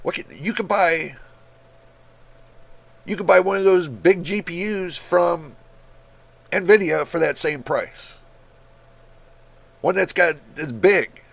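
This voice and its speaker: Exasperated gravelly man ranting casually. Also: high-pitched, slow, pauses often, a bit bright. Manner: exasperated, incredulous, blunt with swearing. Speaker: tech YouTuber. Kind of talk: casual screen-share rant.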